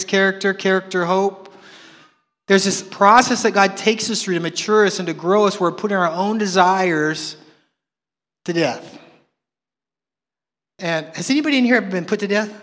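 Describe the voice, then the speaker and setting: A man's voice: high voice, a bit bright, long reverb tail. A man in his forties preaching a sermon, telling a candid, self-deprecating story with frequent restarts. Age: 40s. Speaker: pastor.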